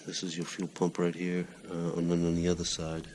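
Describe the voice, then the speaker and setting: A man's voice: sits low, completely flat delivery, a little fast. A middle-aged man working on his motorcycle in his home garage, breathing hard as he talks through each step in a plain, hands-on way. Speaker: home mechanic. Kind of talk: casual how-to demonstration. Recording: noisy garage recording.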